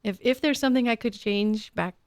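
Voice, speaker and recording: A woman's voice: on the high side, a little fast, a little mellow, no echo, clean studio sound. A woman in her fifties talking on a radio show, reflective and self-deprecating, with hesitant restarts and frequent laughter. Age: 50s. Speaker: co-host or guest. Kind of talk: conversational radio talk show.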